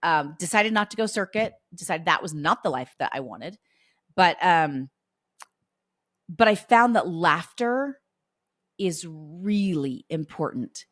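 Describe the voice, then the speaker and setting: Woman in her forties, podcast host, lower-pitched, close and dry; chatty, encouraging. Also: lively intonation, slow, no room sound. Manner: chatty, warm encouragement with quoted dialogue. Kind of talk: casual solo podcast talk.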